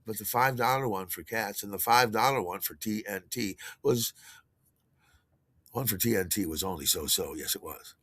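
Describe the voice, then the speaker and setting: An older man hosting a podcast, telling a rambling story in a casual, animated way with restarts and chuckles. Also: moderate pace, no room sound. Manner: animated, acts out quotes in a higher voice. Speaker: podcast host.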